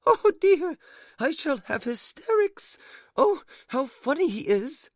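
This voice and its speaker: A man voicing a giddy elderly noble lady, shrill and breathless with laughter. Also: expressive, a little slow, darkish tone, no echo, studio quality. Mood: shrieking laughter.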